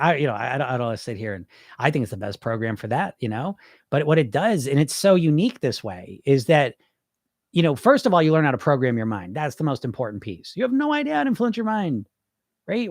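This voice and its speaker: Blunt, cursing man giving an animated pep-talk. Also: on the high side, no room sound, clean studio sound. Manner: mimics listeners' excuses mid-rant. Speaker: podcast host, weight-loss coach. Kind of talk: solo podcast monologue.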